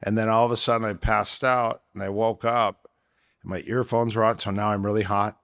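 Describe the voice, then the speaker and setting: A middle-aged man, a former fighter and coach, telling a story casually and acting out the voices of others, dropping quieter on grim parts. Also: lowish voice, brisk, clear, resonant tone. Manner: animated retelling that acts out quoted voices.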